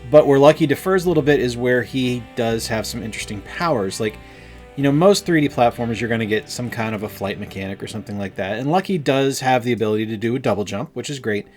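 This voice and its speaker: A man's voice: medium pitch, quick pace, soft background music. A man co-hosting a casual game review, talking with enthusiasm and lots of fillers. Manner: enthusiastic, rambling with many fillers.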